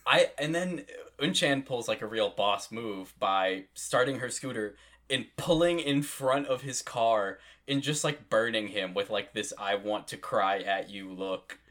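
A man co-hosting a casual podcast, recapping a TV drama scene by scene in an animated storytelling way and acting out little quoted lines as he goes. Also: on the low side, a little slow. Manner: animated, storytelling with voiced asides. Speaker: podcast co-host.

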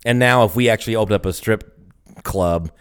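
A man co-hosting a podcast in casual chat, laid-back and agreeable, talking haltingly with lots of fillers. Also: fairly low pitch, clean tone. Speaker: podcast co-host.

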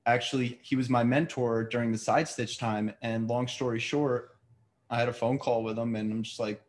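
Man from new york, podcast guest, rambling anecdotes, animated delivery. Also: mid-range voice, moderate pace. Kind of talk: casual chat.

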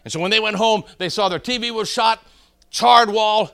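A middle-aged man preaches in a high, bright, forceful voice. He spins folksy stories and keeps calling out to the congregation to follow along. His delivery rises and punches as he drives each point home. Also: moderate pace, gravelly, smooth. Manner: folksy storytelling, calls out to congregation. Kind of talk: sermon with joke stories.

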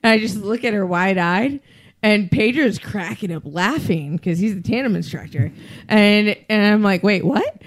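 A woman's voice: medium pitch, expressive, moderate pace. A woman, a podcast guest and skydiving instructor, telling a story in casual chat and laughing often.

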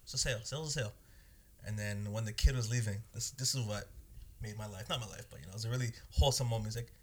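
A young man telling stories in a casual chat, animated and slangy, acting out what people said. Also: on the low side, racing. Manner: animated, laughing, slangy, acts out quotes. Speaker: podcast co-host and food vendor.

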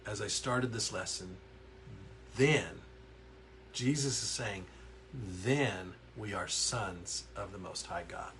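A man's voice: lowish voice, slight background noise. A man leading an online Bible study from his counseling office, reading verses aloud, answering viewers' typed comments and getting worked up as he explains the text. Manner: earnest, animated, reads verses aloud and reacts to typed comments.

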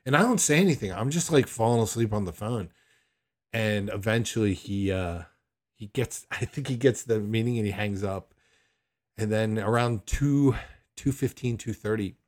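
A middle-aged man hosting a podcast episode, telling a personal story in a candid, reflective way with frequent restarts. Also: lowish voice. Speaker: podcast host.

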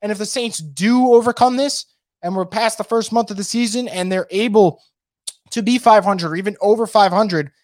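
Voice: medium pitch, moderate pace, a little mellow, dry recording. A sports show host talks through football news in a casual, opinionated way, hammering points by repeating words. The voice is worn from losing it. The recording is close and dry, with no room sound.

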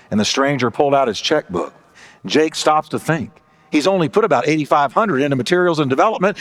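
A man preaches to his congregation with an emphatic, storytelling delivery. His voice sits high for a man and swings widely up and down as he plays out the characters in a joke. He leans hard on key words to drive his point home. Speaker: pastor. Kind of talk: sermon.

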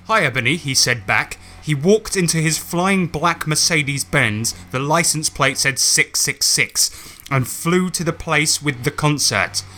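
A man's voice: fairly high pitch, unhurried, bright, forceful tone. A man co-hosting a comedy podcast, reading fanfic and reacting with sarcastic disbelief. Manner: incredulous, sarcastic. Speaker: podcast co-host.

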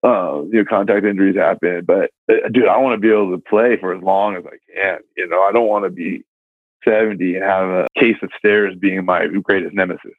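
A man's voice: low-pitched, steady tone, a little fast, no room sound, narrow, tinny audio. A man co-hosting a casual chat, talking loosely and throwing in lots of "like" and "dude". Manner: laid-back, peppered with "like" and "dude". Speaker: podcast co-host.

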